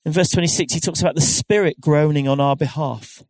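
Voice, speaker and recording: A man's voice: on the high side, brisk, a little mellow, dry recording. Man preaching a conversational sermon. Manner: conversational, earnest, with frequent restarts and rhetorical questions. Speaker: pastor.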